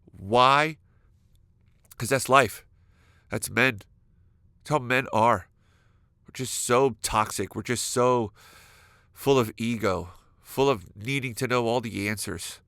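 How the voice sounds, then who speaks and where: Male comedic podcast host, gravelly edge, dry close sound, animated storytelling. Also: mid-range voice, takes it slowly, long pauses, no echo. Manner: animated, exaggerated, acts out imagined dialogue. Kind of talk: comedic solo podcast monologue. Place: California.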